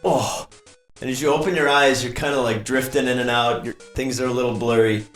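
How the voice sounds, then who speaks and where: A man's voice: mid-range voice, fairly even intonation, fast talker, a bit bright, roomy sound, soft background music. A man running a tabletop game as game master, narrating playfully and throwing in little sound effects.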